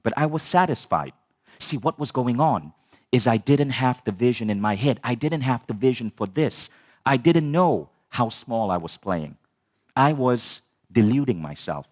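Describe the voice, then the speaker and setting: A man telling a personal story as a personal growth speaker, animated, swearing and acting out the dialogue. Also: mid-range voice, measured pace. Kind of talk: storytelling talk.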